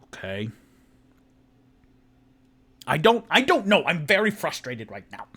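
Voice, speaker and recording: A man voicing a huge elephant-folk male warrior in a tabletop game, calm and questioning. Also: medium pitch, takes it slowly, clear, resonant tone, no room sound.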